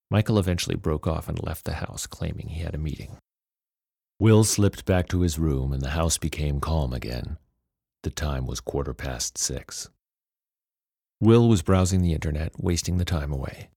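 A man narrates a novel aloud in a steady, measured reading. His voice is very low and gravelly. The recording is dry and close. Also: no room sound. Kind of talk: storybook narration.

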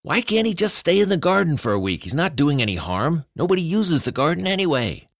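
A furious rebellious teenage boy, as a man reads him aloud, hurling defiant, swearing retorts. His voice leaps up high and swings wildly. The sound is dry and close. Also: very animated, brisk, fairly bright tone, dry recording, exaggerated voice. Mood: angry, defiant.

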